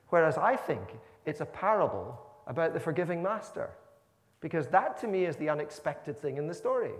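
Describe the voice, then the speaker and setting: A man preaching a sermon in a church, explaining in a conversational way with asides. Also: a little high. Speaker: minister. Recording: long church reverb.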